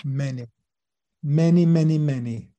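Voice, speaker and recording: A man talks through his experiences as a medium in a relaxed interview. His voice is deeply mellow and dark-toned, and his delivery is earnest and patient as he explains his ideas. He softens noticeably whenever he recounts what someone else said. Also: unhurried, muffled recording. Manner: earnest, explanatory, drops soft when quoting others. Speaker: spirit medium and teacher. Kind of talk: conversational interview storytelling.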